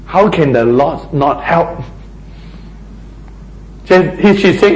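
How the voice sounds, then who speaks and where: Male pastor, slow deliberate preaching, lively swooping pitch, somewhat high voice, echoey hall. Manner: emphatic, animated preaching with dramatic quoted lines. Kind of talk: sermon.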